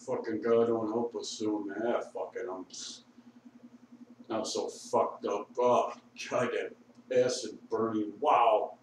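A man's voice: lowish voice, fairly even intonation, takes it slowly, heavy reverb, recorded from a distance, a little hiss or hum, rough recording. An intoxicated man rambling profanely with laughs, talking outdoors on a street corner. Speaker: vlogger.

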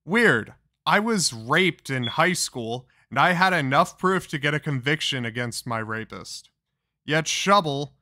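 Male commentator, bright slightly high voice, slow and mocking, swears a lot. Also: no room sound, clean studio sound. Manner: profane, mocking. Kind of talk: reaction commentary.

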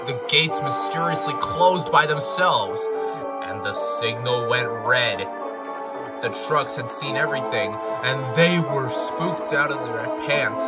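A man narrating an improvised, crude parody story in a deadpan way, with music underneath. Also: mid-range voice, takes it slowly.

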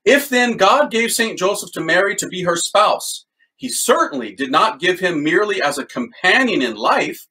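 Man, eager devotional teacher, high pitch, bright tone, animated delivery. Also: normal speed, low-quality recording. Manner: excitable, animated, reads quotes then comments. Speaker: Catholic teacher leading a prayer series. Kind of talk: enthusiastic spiritual teaching and prayer.

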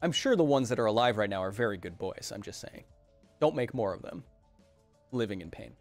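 A man's voice: on the low side, a little fast, soft background music. A young man hosting a casual science livestream, reading viewer comments aloud and explaining terms with jokes. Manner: animated, joking, explains terms as he reads.

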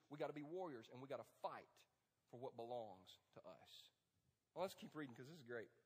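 High-voiced preaching man, big hall. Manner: animated, joking, preaching to men. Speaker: pastor. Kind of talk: sermon. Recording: long hall reverb.

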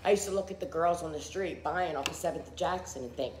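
A woman's voice: low voice, fast talker, a little mellow, roomy sound, a little hiss or hum. A middle-aged woman giving a candid personal recovery testimony, full of fillers and acted-out quotes. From Philadelphia area. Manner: candid, frequent fillers, acts out quoted people.

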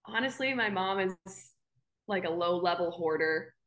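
A woman's voice: on the low side, a little slow, a bit bright. A young woman, a sports anchor, chatting casually as an interview guest, telling anecdotes with frequent laughs and fillers. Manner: chatty storyteller, laughs often, many fillers.

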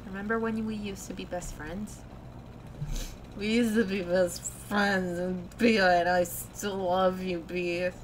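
A woman's voice: mid-range voice, fairly even intonation, fairly quick, few pauses, a little hiss or hum, natural voice, low-quality recording. A woman voicing a drunk young female cat who rambles, slurs and apologizes over and over, read from a story game. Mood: drunk pleading. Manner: slurred, rambling, pleading.

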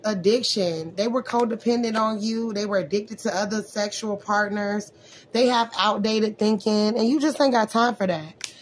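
A woman reads tarot cards aloud at a medium pitch, calling out each card and then spinning it into frank, cussing commentary. Her delivery is loose and punchy, with a faint hum of room noise underneath. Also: normal speed. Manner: blunt, profane, animated asides. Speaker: tarot reader. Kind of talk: tarot reading.

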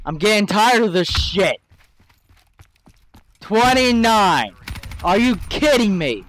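A man with a very high voice that leaps wildly up and down as he narrates his own match. He keeps griping and cursing at the game between plays, an exasperated running commentary. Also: sing-song, slow pace, fairly bright tone, slight background noise. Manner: frustrated, swearing complaints. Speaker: gameplay video host. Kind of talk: live gameplay commentary.

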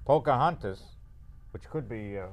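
A man's voice: mid-range voice, animated, moderate pace. A man hosting a local variety show, teasing his guests with constant jokes and laughter. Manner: teasing, wisecracking, laughs often. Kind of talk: joking local cable show banter. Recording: faint room noise.

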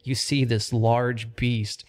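A man's voice: mid-range voice, flat delivery, takes it slowly. A man narrating a tabletop game as game master, describing scenes steadily with frequent fillers.

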